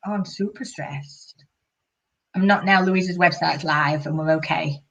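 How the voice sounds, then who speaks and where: A woman's voice: low voice, a little slow, recorded from a distance, muffled recording. A younger woman co-hosting a casual live chat over a video call, frank, laughing and self-mocking. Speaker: co-host.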